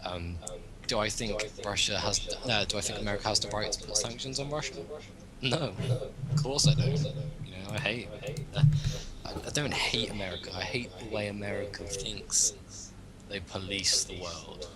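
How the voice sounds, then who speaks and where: A man's voice: fairly low pitch, fairly even intonation, normal speed, a loud crowd, rough recording. A young man hosting a casual political chat, rambling and opinionated as he thinks aloud. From Britain. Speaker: host.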